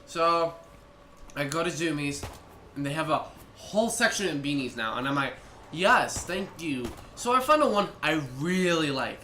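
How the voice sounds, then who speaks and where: A high-voiced young man tells a long story in a casual, rambling way, circling back and restarting his sentences. His voice sounds bright, and it echoes around a room with a faint hiss behind it. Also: very animated, normal speed. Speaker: vlogger.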